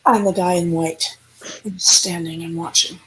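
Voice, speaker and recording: Woman paranormal investigator telling a spooky story, lively, acts out the voices. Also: fairly low pitch, a little slow, a little hiss or hum. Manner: animated storyteller, acting out dialogue. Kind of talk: storytelling in an interview.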